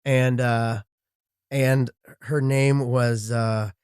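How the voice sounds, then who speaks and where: A man as a podcast guest talking casually, often halting and restarting his words. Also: mid-range voice, steady tone, darkish tone, clean tone, no room sound, studio quality. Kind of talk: casual conversation.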